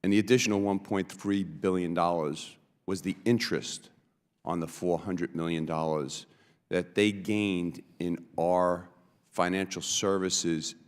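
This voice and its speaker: A man from New York, a congressman, asking witnesses questions at a committee hearing, halting with many fillers. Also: deep voice, steady tone. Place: large hearing room. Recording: long hall reverb.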